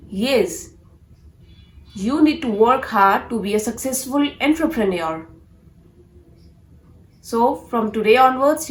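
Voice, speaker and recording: A woman teaching pronunciation, repeating each word slowly and deliberately for practice. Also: a little high, reverberant, poor audio. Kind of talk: pronunciation lesson.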